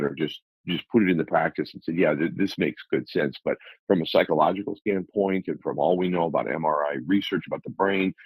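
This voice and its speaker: A man's voice: low-pitched, a little mellow, slightly rough, no room sound, low-quality recording. A man on a radio talk show, coaching listeners through numbered self-help steps in an earnest, motivational way. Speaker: life coach guest.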